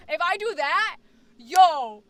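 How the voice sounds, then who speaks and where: A woman streamer and actor chatting casually and rambling jokily to her viewers. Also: sits high. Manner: animated, rambling, jokey. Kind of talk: casual live-stream chat.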